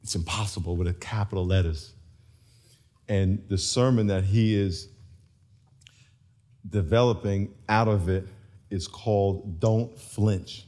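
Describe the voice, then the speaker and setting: A man preaching a sermon as pastor, animated and storytelling, chuckling often. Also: on the low side, unhurried, pauses often. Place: large church.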